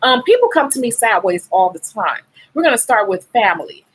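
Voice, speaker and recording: A woman's voice: on the high side, sing-song, brisk, slightly rough, rough recording. A tired, sleep-deprived woman who works as a nail technician talks bluntly and emotionally to her viewers in a candid livestream chat. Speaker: nail technician and beauty YouTuber.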